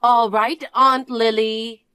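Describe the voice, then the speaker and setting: A woman's voice: a little high, level tone, takes it slowly, pushed and bright, clear, resonant tone, no room sound, studio quality. A woman doing a smug, taunting young niece. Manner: sneering, sing-song and teasing. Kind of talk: scripted dialogue drama.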